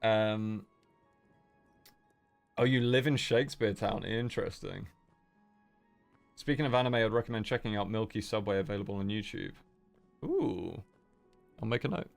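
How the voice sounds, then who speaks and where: A young man talking to his stream in a soft, drowsy murmur. His low voice has a gravelly fry, and he wanders from thought to thought with fillers. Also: moderate pace, long pauses, soft background music. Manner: soft, sleepy-sounding chatter; rambling, lots of fillers. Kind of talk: casual livestream chat.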